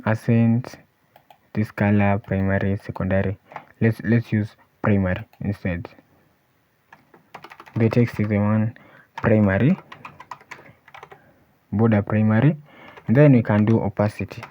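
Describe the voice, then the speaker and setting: Low-voiced man thinking aloud while coding. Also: steady tone, measured pace, pauses often, a little hiss or hum. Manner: thinks aloud while typing, frequent "let's see". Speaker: coding tutorial instructor. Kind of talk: screen-recorded coding walkthrough. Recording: dull lo-fi voice recording. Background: keyboard typing and clicks.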